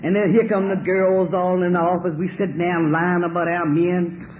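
A woman giving a spoken personal testimony, animated and emphatic, swearing freely and laughing as she tells it. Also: on the low side, moderate pace, highs cut off, slight background noise. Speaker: storyteller sharing a personal testimony.

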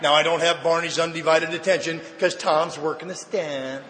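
A man giving a personal recovery testimony at a meeting, telling his story lively and acting out the dialogue. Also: a little high, moderate pace, heavy background noise. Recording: echoey hall.

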